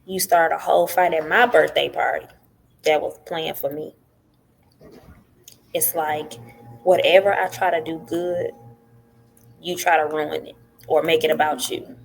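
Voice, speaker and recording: A woman's voice: low voice, a little slow, creaky, pauses often. A middle-aged woman, a podcast guest telling her story in casual talk and acting out what others said. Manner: animated, acts out what others said.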